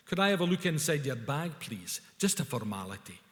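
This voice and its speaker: A man's voice: fairly high pitch, big pitch swings, fairly quick, a bit bright. A man voicing a dour, formal Scottish customs official in an echoey hall. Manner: formal and polite.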